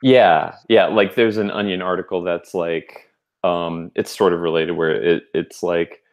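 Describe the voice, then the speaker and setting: A man's voice: sits low, fairly even intonation, measured pace. A young adult man co-hosting a podcast, chatting casually and rambling with lots of fillers and restarts. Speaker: podcast co-host. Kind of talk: casual chat.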